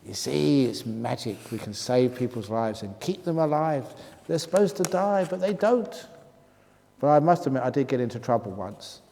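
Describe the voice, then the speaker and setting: A man's voice: mid-range voice, animated, normal speed, vocal fry, mellow. A man, a Buddhist monk teacher, answers retreat questions in a humorous talk, reading written questions aloud and chuckling often. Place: retreat meditation hall. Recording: reverberant hall with faint noise.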